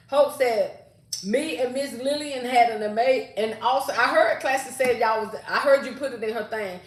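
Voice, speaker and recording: A woman hosts a relaxed livestream and reads out viewer comments, greeting each person by name. Her voice sits a little high. The room around her is echoey. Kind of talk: casual livestream chat.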